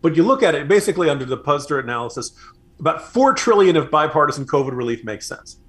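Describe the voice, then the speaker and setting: A man's voice: a little high, sing-song, fast, fairly bright tone. A man co-hosting a political talk show, chatting in a conversational, wry way. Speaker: podcast co-host. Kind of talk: casual political commentary.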